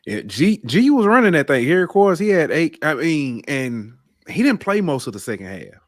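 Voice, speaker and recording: A man co-hosting a casual sports podcast, telling game-day stories with lively swings in pitch and loudness. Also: moderate pace, no echo, clean studio sound. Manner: animated storytelling, rises in pitch and volume when excited. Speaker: podcast co-host.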